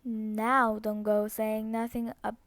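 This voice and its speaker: A woman with Korean as her first language voicing a drunk, leering small-town sheriff who speaks in a slow drawl, read aloud from a storybook. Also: a little high, flat delivery, fairly bright tone, no room sound.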